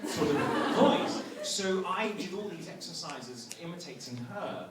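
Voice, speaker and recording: A man's voice: a little high, expressive, measured pace. A man from Texas with a neutral American accent, a voice actor joking with fans during a convention Q&A panel. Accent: none, neutral American. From Texas, USA. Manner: playful, joking, calling on fans. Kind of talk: lively fan Q&A banter. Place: large convention hall. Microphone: handheld phone in the audience. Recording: echoey hall, far phone mic, noisy crowd.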